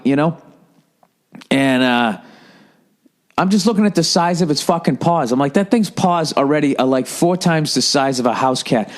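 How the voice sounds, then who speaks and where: A man telling a story in a profane, animated comedic rant as a podcast host. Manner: animated, profane, mimics people in high voices.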